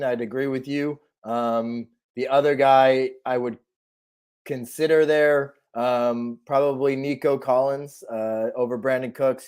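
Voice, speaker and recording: Guy co-hosting fantasy football, slow careful picks, lots of ums, mid voice. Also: medium pitch, a little mellow, clear, resonant tone. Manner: measured, hesitant with many ums. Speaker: co-host analyst. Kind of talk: live fantasy sports talk show.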